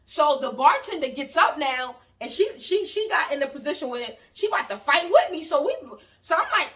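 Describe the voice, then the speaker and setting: A woman from New York with a New York accent, telling a story in an animated, loud and slangy way and talking to her viewers. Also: high-pitched, brisk. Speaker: vlogger. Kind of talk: storytime vlog. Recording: voice a bit distant from the mic.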